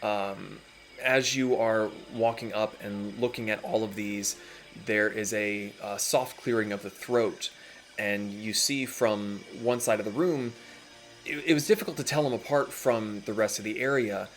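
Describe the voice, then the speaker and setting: A man's voice: on the low side, a little slow, slight background noise. A man narrating a tabletop game as dungeon master, describing scenes at an easy pace with many fillers.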